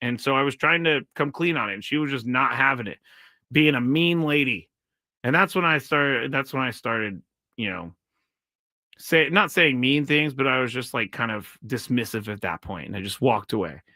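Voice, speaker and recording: A show host with a mid-range voice speaks expressively and forcefully at a moderate pace, his tone bright on a dry recording. During this casual live-stream monologue he rambles through a story, revises himself midway, and reads viewers' comments out.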